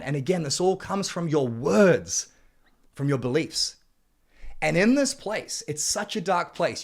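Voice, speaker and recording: Man, slightly higher voice, blunt motivational coach who swears and pushes hard on key points. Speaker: men's coach narrating his book chapter. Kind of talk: motivational self-help reading.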